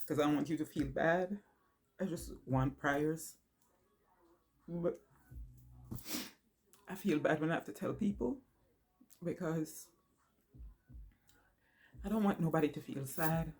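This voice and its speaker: A woman vlogger talking to her viewers while crying, halting and emotional, with many pauses and fillers. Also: low voice, a little mellow. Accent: New York. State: tearful, crying. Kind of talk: personal vlog confession.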